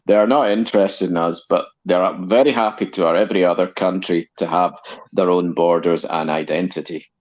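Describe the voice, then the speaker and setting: Low-voiced blunt Scottish man. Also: fairly even intonation, a little fast, lo-fi sound. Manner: blunt, scornful storytelling. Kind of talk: casual chat.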